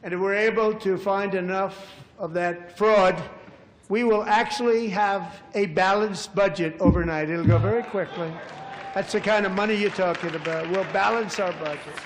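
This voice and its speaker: A man's voice: sits high, normal speed, big-room sound, crowd noise, background noise. A man giving a political speech, emphatic and repeating his promises. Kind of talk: speech to an audience.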